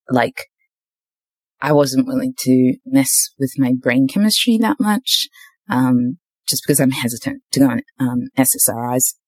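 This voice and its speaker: A young woman podcast host with a rumbling low, mellow voice shares a candid personal faith story in casual conversation. She fills her talk with frequent ums and likes, and there's no room sound.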